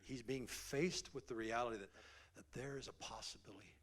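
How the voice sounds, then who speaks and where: A male preacher tells a story with loose, animated energy, stumbling and restarting as he goes. His voice sits in an ordinary middle pitch, and at times it falls to a hushed whisper to build tension. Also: fairly quick, slightly rough. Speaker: pastor. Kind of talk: sermon storytelling.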